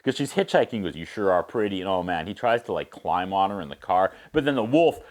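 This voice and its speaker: Man, sardonic film reviewer, tells the plot in a joking tone and drops into quick character voices. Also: low-pitched, very animated, a little mellow. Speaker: movie reviewer. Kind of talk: comedic plot recap.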